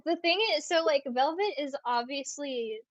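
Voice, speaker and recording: A woman's voice: high voice, moderate pace, no room sound. A young woman of Puerto Rican background, a guest on a casual livestream, who rambles and packs her speech with filler words. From Puerto Rico. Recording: dull, dry lo-fi mic.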